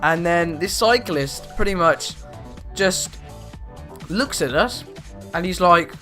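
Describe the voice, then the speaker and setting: A man's voice: sits high, slow pace, pauses often, faint music behind. A teenage boy vlogging, telling rambling stories with lots of fillers. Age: teens. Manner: rambling, animated, lots of "you know" fillers. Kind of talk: casual storytelling vlog.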